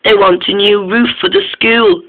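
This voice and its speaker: A man voicing an eager, jealous young male train engine in a storybook reading, speaking haltingly and restarting his lines, on a tinny, phone-like recording. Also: high voice, sing-song. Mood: upset.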